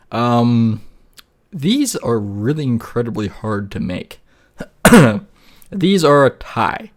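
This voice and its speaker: A man narrating his own screen-recorded tutorial, in a slow, unhurried way. His pitch swings widely as he rambles, chuckles and drops the odd swear word, with keyboard typing clicking in the background. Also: big pitch swings. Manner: rambling, laughs often, swears casually. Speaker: YouTuber.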